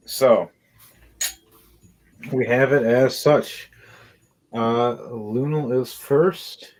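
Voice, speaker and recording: A man's voice: medium pitch, a little mellow, poor audio. A man narrating a tabletop game as game master, in a rambling, playful way.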